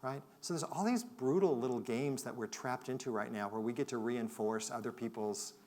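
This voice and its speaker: A man's voice: mid-range voice, moderate pace. Reflective man telling a story on stage. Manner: reflective, shifts from loud to hushed. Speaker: conference speaker. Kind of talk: storytelling keynote talk. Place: conference hall.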